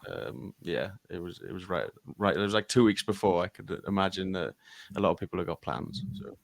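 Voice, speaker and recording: A man's voice: deep voice, a little fast, creaky, no room sound. A man from West Wales with a Welsh accent, co-hosting a podcast in a laid-back, storytelling way. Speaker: podcast co-host. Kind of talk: casual chat.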